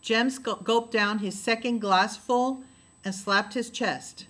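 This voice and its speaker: A woman reading a novel aloud, with steady storytelling and lowered dialogue tags. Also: takes it slowly. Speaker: narrator.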